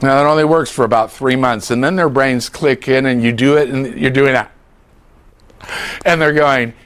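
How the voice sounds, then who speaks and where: A man's voice: medium pitch, moderate pace, a little hiss or hum. An older man giving a humorous talk on dementia care to a class, joking and acting out voices of family members. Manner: animated, jokey, acts out voices.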